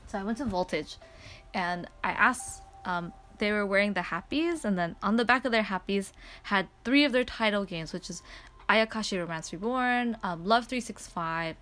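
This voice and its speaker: A woman streamer telling a story in casual chat, excitable and rambling, with lots of filler words. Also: medium pitch.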